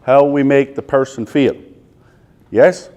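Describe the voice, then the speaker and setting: Coaching a live room of salespeople in a training room, an Irish sales trainer in his thirties fires off quick questions and answers them himself, bluntly and with swearing. His voice is mellow and middle-pitched, with fairly even intonation.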